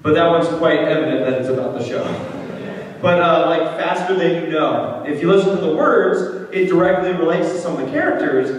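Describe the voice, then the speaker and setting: High-voiced man echoing through a convention hall. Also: lively intonation, a little fast. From United States. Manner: rambling, self-interrupting, joking with crowd. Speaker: convention panel guest. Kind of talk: casual Q&A with audience. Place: convention hall with live audience. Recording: far-off echoey hall, crowd noise. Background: audience reactions.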